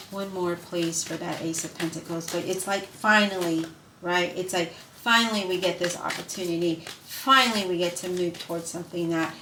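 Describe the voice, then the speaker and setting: A woman's voice: on the low side, normal speed. A woman giving a casual spoken tarot reading, effusive and emotional, who keeps asking "right?" and calling her viewers "you guys". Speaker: tarot reader. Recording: echoey room with steady noise.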